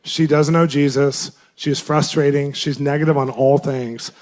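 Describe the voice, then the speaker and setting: A man, a Christian minister, tells a personal testimony in a lively way, laughing often and jumping up in pitch for his own quoted reactions. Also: a little slow. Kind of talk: animated personal storytelling.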